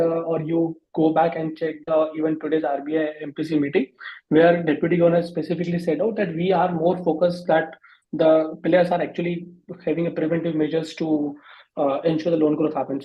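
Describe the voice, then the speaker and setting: Halting man on a lo-fi call. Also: a little high. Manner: halting, many fillers and restarts. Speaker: panelist. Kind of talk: panel discussion on a video call. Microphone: video call. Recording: dull lo-fi call audio.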